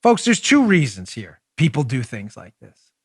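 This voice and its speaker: A man hosting a political talk show, delivering animated, mocking commentary with big swings in his voice. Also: mid-range voice, moderate pace, breathy edge, dry recording, clean studio sound. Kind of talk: opinionated commentary.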